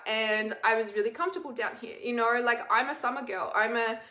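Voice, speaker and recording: A woman's voice: on the high side, fairly quick, hardly any pauses, sharp tone. A woman talking casually to her viewers in a rambling, emotional way, full of fillers. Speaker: spiritual vlogger. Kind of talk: casual confessional talk to camera. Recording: echoey room.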